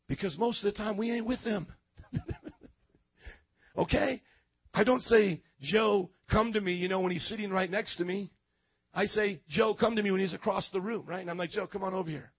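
A man preaching a sermon in church, fervent and calling out to the congregation, at times rising to shouts. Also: sits high, moderate pace, long pauses, husky, no room sound, muffled recording.

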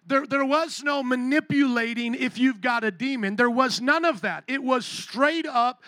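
A male pastor preaching a sermon, telling a story with lively energy and questions to the congregation. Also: very high voice, normal speed, hardly any pauses, no room sound. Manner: animated storytelling, talks to the congregation. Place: church.

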